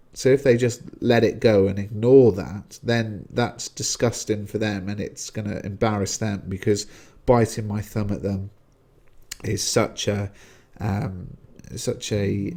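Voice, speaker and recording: A man's voice: fairly low pitch, slow pace, mellow. A man teaching a lesson, explaining a text in a chatty way with frequent fillers.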